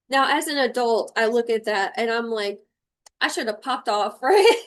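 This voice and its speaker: A young adult woman with a voice pitched a little above most women's, giving a spiritual tarot reading to her livestream viewers. She speaks frankly and with strong feeling, and drops swear words casually. She is picked up by a simple streaming microphone. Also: moderate pace. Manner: emotional, blunt, swears freely. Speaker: intuitive tarot reader.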